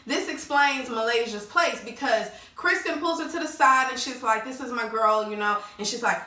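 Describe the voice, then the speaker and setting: A woman recapping a reality show in a casual, slangy, animated way, acting out quotes in changing voices. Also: on the high side, moderate pace, noisy background. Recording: roomy echo, distant mic.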